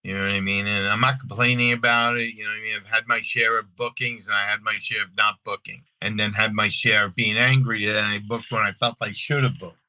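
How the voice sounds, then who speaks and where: A middle-aged man from Long Island with a New York accent, an actor telling stories in a casual interview, animated and repeating his words as he acts out scenes. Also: on the low side, fairly quick, hardly any pauses, dry recording, poor audio. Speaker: actor and guest.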